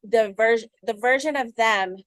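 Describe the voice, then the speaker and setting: A woman's voice: a little high, moderate pace, a bit bright, dry recording. A woman coach giving casual advice to camera, talking frankly and freely swearing, often checking in with "right?". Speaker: manifestation coach.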